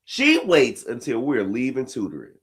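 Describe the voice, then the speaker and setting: A man telling a funny family story as host, dropping to low asides and bursting into high laughing shouts. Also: huge pitch swings, moderate pace, a little hiss or hum. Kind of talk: storytelling comedy reaction.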